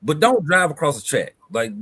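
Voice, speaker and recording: A man's voice: on the high side, very animated, fairly quick, pushed and bright, husky, dry recording. A man hosting a live hobby talk stream, telling stories in a laid-back, slangy way. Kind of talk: casual chat, storytelling.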